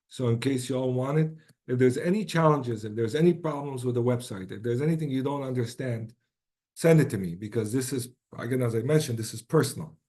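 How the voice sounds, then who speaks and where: A man closing out an online presentation in a voice that has gone a little hoarse. He talks informally with restarts and keeps checking in with his listeners. His pitch sits mid-range. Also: darkish tone. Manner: informal, many restarts and rhetorical "right?". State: slightly lost voice.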